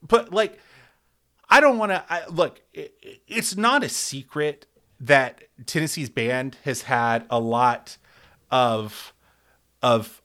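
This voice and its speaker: A man hosting a sports podcast, talking in a profane, hyperbolic comic rant full of stammered restarts. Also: a little high. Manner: animated, rambling, stammers and restarts often; heavy swearing, hyperbolic.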